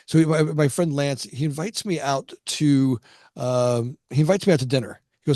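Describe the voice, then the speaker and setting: A middle-aged man talks through his past in a loose, rambling storytelling style. He stumbles over and repeats words, slipping into other people's voices when he quotes them. His voice sits at an ordinary pitch, and the sound is dry and close. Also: normal speed, dark tone, no room sound. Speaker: podcast guest. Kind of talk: casual storytelling.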